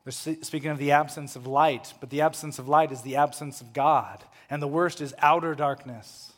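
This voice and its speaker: A man preaching a sermon, swinging between loud, impassioned proclamation and hushed, quiet lines. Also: on the high side, steady tone, normal speed, hardly any pauses. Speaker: pastor. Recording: long hall reverb.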